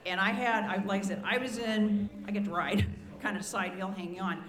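A woman in her sixties, a retired ski patroller, telling lively anecdotes to a gathering, with asides and restarts. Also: mid-range voice, a little fast. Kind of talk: storytelling to a gathering. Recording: echoey room.

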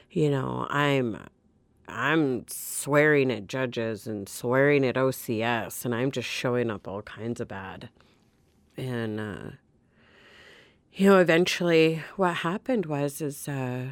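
A middle-aged woman with a low, deep-set voice tells her own recovery story in a candid, earnest way. She often breaks off and restarts her sentences. The recording is dry and close, with no room sound. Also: no echo. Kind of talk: personal testimony.

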